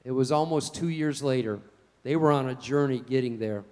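A man preaching a sermon, telling folksy stories in an animated way. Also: mid-range voice, moderate pace, in a large hall. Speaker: pastor.

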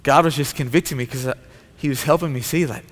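A man's voice: medium pitch, quick pace. Earnest preacher man in an echoing hall. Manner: earnest, repetitive preaching cadence. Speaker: pastor. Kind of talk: sermon. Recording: long hall reverb.

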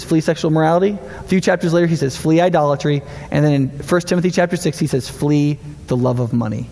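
A middle-aged man preaching a sermon with a gravelly edge to a voice that sits high for a man. He talks in an animated, conversational way and keeps asking his listeners questions. His voice rings out in a large hall with a long echo. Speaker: pastor.

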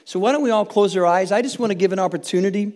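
A high-pitched male pastor gives an earnest, chatty sermon, circling back on his phrases and checking in with listeners. His voice rings out with a long reverb tail from a big church sanctuary. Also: rapid-fire, darkish tone. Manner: earnest, chatty, with frequent restarts and tag questions. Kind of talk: conversational sermon. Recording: long reverb from a large hall.

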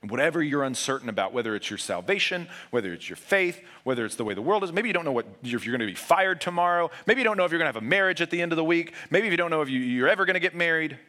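A pastor preaches an earnest sermon, shifting between raised, urgent passages and hushed, low emphasis. His delivery is animated and rapid-fire, with few pauses.

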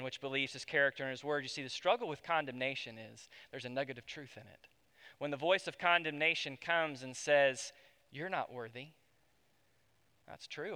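A pastor preaching a sermon to his congregation, swinging between loud emphasis and hushed tones. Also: a little high, smooth. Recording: long hall reverb.

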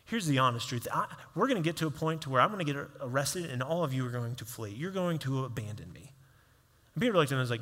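A man's voice: a little high, lively intonation, brisk, fairly bright tone, big-room sound. A male pastor preaching a sermon in a conversational style, acting out quoted voices as he tells a story.

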